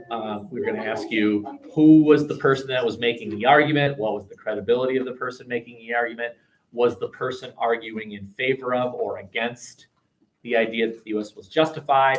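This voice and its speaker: Over a webcam mic, an American man teaches a history class in a chatty, digressive classroom discussion full of restarts. He talks fairly quickly at a medium pitch with a steady tone.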